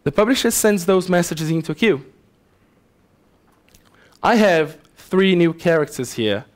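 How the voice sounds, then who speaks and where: A man giving a casual, lively technical talk at a conference, often checking in with the audience. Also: high-pitched, unhurried. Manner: casual, animated explaining with asides to the audience. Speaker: conference speaker. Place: conference hall.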